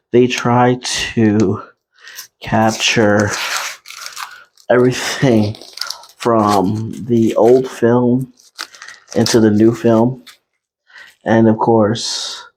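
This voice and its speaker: A young man hosting an unscripted podcast, talking in a laid-back, chatty way with lots of pauses and fillers. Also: medium pitch, a little mellow, slightly rough. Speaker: podcast host. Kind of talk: unscripted casual talk.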